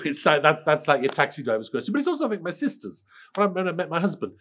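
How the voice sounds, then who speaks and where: A middle-aged Welsh man with a cold, answering interview questions in a lively way, often restarting and repeating words. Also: a little high, very fast. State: has a cold. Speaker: screenwriter interviewee.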